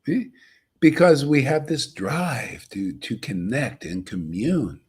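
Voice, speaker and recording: A man's voice: medium pitch, expressive, slow, darkish tone, husky. A man giving an informal, emphatic spiritual talk to a group, folksy and chuckling, often asking "see?". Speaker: spiritual teacher.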